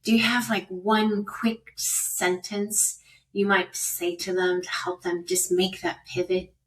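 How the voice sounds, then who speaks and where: A woman's voice: medium pitch, level tone, takes it slowly, distant mic. A middle-aged woman hosting an interview podcast, encouraging and affirming her guest with frequent amens. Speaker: podcast host.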